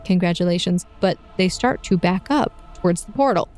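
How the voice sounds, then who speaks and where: A woman narrating as game master of a tabletop game, lively and playful, often laughing. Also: on the low side, normal speed, soft background music.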